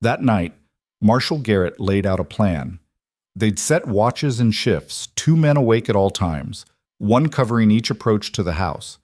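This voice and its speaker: A male narrator reads a western story in an even, measured way. His voice is low and the recording is dry and close, with no room sound. The delivery is steady and scripted throughout. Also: dry recording.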